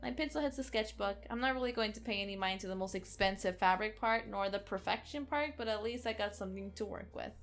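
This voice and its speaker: A woman hosting a let's play, reading a visual novel aloud in an expressive, sarcastic way. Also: mid-range voice, quick pace, hardly any pauses, faint music behind. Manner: expressive, sarcastic, occasional giggles.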